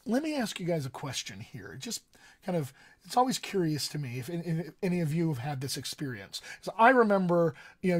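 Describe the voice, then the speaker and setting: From a desk in his home studio, a male dialect coach runs a casual voice lesson on a live stream. His voice is fairly high with a darkish tone, and he talks conversationally and directly to viewers, dropping frequent ums.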